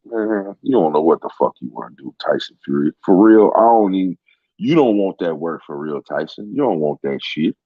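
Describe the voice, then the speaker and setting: A man's voice: deep voice, expressive, moderate pace, no echo. A man commenting on sports in a heated, profane casual rant. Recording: dull lo-fi sound.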